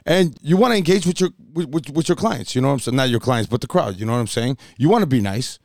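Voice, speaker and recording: A man's voice: mid-range voice, lively intonation, fast talker, gravelly, darkish tone, no echo, studio quality. A man, a DJ co-hosting a podcast, chatting casually, swearing freely and joking as he mimics crowd members. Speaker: DJ and podcast co-host. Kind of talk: casual chat.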